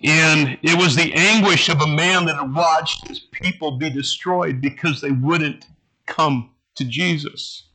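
Male pastor, slow, bright-toned earnest sermon delivery, halting phrasing. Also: on the high side, rough recording.

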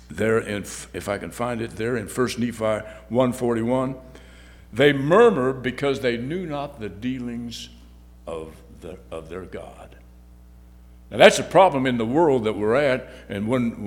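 Male lay preacher, mid pitch, halting and repetitive delivery, long hall reverb. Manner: halting, repeats words, swings loud and soft. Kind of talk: sermon.

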